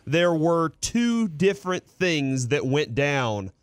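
A man hosting a sports radio show in a studio, pausing on "uh" fillers and turning animated as he retells a story. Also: on the high side, clean tone, no echo. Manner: halting, many "uh" fillers, animated when retelling. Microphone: studio microphone.

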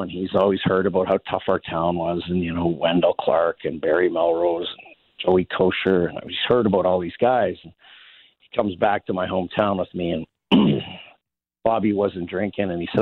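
Ex-hockey man, low voice, rambling anecdotes, phone-quality, dry sound. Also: no room sound. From Saskatchewan, Canada. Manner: rambling, many restarts, chuckles through stories. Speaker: interview guest, former hockey player. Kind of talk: casual anecdotal storytelling. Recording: phone-like narrow band, dry.

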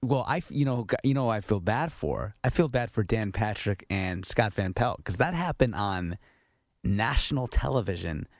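A man's voice: fairly low pitch, lively intonation, no room sound, clean studio sound. Joking male radio show producer. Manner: quick, joking banter with the host. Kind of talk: sports talk radio. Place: radio studio. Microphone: studio microphone.

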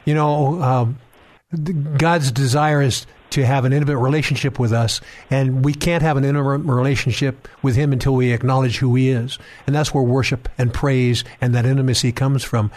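A man's voice: mid-range voice, fairly even intonation, moderate pace. A man hosting a faith talk show, speaking in a preacherly way straight to his listeners. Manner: warm preacherly, addresses listeners. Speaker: host.

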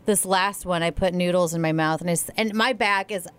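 Animated Midwestern woman co-host. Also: fairly low pitch, normal speed, clean tone. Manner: animated storyteller, acts out voices. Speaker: radio show co-host. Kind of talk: casual morning show chat.

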